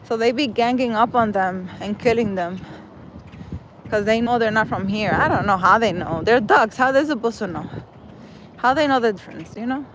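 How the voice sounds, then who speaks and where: A tired woman hosting a relaxed livestream, chatting with viewers and answering their comments while walking through a park. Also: a little high, normal speed. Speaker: livestream host. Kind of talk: casual chat with viewers. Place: outdoors in a park. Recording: loud wind noise outdoors on a phone. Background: loud wind noise.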